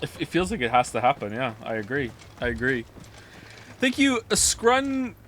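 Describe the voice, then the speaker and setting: A man's voice: medium pitch, huge pitch swings, moderate pace, a bit bright, slight background noise. A man streaming a video game while reading chat, rambling, swearing and reacting with incredulous outbursts.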